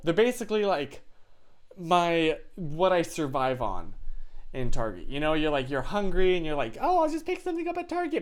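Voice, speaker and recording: A man from the United States holds casual live-stream chat, hopping from tangent to tangent. His voice sits a bit high for a man. He leans on fillers and restarts as he rambles.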